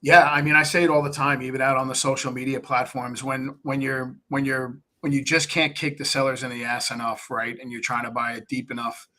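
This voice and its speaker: A man's voice: medium pitch, level tone, brisk, hardly any pauses, sharp tone. A man being interviewed on a live stream, coaching investors in a blunt, plain-spoken way and acting out talks with sellers. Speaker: real estate investor guest.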